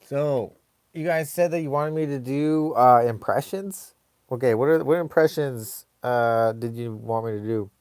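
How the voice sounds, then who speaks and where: A laid-back man hosts a casual live stream, drawling slowly as he reads viewer comments aloud and rambles between them. His voice sits at an ordinary middle pitch, and the sound is close and dry with no room around it. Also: a little mellow, clear, resonant tone, no echo.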